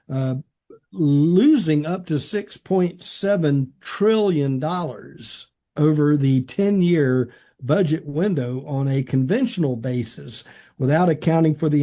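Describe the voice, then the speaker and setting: Mellow, slightly high man explaining. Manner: explanatory, hesitant, many "uh" fillers. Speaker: podcast co-host. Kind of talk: conversational policy commentary.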